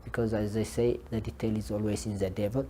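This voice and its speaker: A man with an Ethiopian accent answering interview questions, with many pauses and filler sounds. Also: fairly low pitch, flat delivery, dark tone, slight background noise. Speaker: interviewed journalist.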